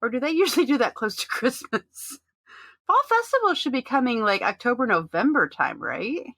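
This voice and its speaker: A woman co-hosts a casual gaming podcast, talking in a loose, rambling way with frequent fillers and restarts. Her voice is bright and forward, and the recording is dry and close. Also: on the high side, big pitch swings, normal speed, no room sound. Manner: reads out listener chat messages. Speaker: podcast co-host. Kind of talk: casual chat about an online game.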